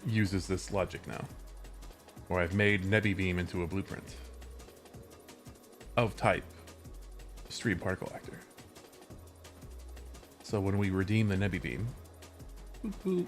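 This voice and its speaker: A low-pitched American man talks loosely through a live stream, drifting between thoughts and fixing his own sentences as he goes. Soft music plays faintly behind him. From California, USA. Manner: rambling, self-correcting, chatty with viewers. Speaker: livestreamer and game developer. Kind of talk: casual live-stream chat while working.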